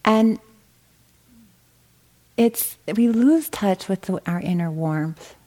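A woman meditation teacher giving a gentle dharma talk, often checking in with a soft "right?". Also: mid-range voice, lively intonation, slow.

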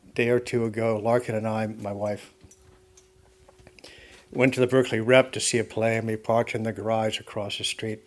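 In this talk, a man with an ordinary mid-range male voice tells a group about something from his own life. He thinks out loud in a conversational way, stopping to restart or fix his wording, with frequent soft laughter.

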